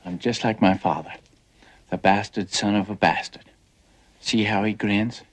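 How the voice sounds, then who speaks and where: A man's voice: lowish voice, steady tone, unhurried. An actor playing a restless, dreamy young man who is bitter about his life, speaking intensely and sometimes dropping to a whisper. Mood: brooding. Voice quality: intense, brooding, drops to a whisper. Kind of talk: stage drama acting.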